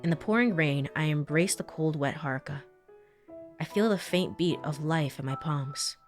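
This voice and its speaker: Brief: woman voicing soft-spoken young man, measured game-text reading, low-ish voice. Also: soft background music, natural voice. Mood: tender. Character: young man narrating his own story, gentle.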